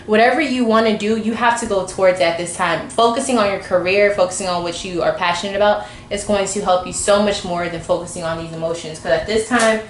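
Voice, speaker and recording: A woman giving a casual, informal tarot reading to camera, chatty and talking straight to the viewer. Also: on the low side. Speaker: tarot reader. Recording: echoey room, faint background noise.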